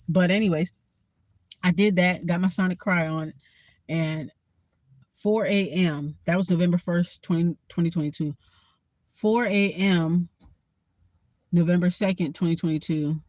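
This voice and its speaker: A woman telling a story in a casual vlog, blunt and profane, animated and quick to laugh. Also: lowish voice, no room sound. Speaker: storytime vlogger.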